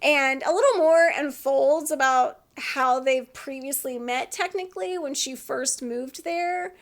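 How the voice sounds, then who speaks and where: Chatty high-voiced woman with vocal fry. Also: measured pace. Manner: chatty, laughs often, acts out quotes. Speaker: vlogger. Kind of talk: casual chat about TV dramas.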